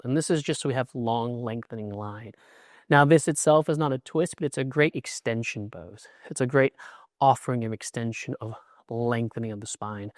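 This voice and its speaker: A man's voice: medium pitch, no echo, studio quality. A middle-aged man teaching a yoga class, cueing poses in short instructions with an encouraging, chatty manner.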